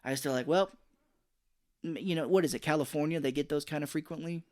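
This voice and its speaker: Animated man recapping a movie. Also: quick pace. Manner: animated retelling, jumps into high-pitched voices for characters. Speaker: podcast co-host. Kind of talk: casual movie recap chat.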